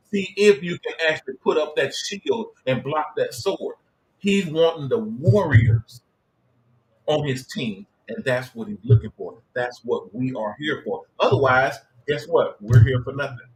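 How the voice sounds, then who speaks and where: A middle-aged man hosting a livestream, giving a motivational coaching talk in an emphatic, preachy way that swings between loud and low. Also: poor audio. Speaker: livestream host and business coach.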